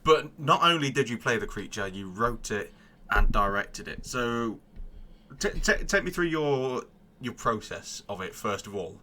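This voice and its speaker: Bright-voiced playful male host. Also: medium pitch, expressive, a little slow. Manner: playful, teasing questions. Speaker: podcast host. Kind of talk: casual interview questions.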